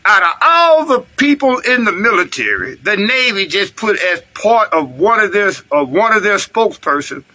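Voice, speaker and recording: A man's voice: sits high, big pitch swings, normal speed, few pauses, sharp tone. An American man ranting heatedly in a livestream commentary, swearing and talking straight to his viewers. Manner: heated, profane, addresses viewers directly. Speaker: political commentator.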